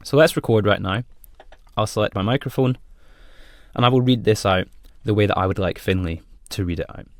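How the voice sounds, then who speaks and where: A man presenting a software demo in a friendly, plain explanatory tone. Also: fairly low pitch, fairly quick, dry recording. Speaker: product presenter.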